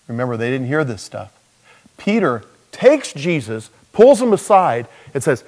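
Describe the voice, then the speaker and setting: A man's voice: medium pitch, big pitch swings, a little slow, darkish tone, in a large hall. A man preaching a sermon in a humorous, conversational storytelling way, acting out quoted dialogue.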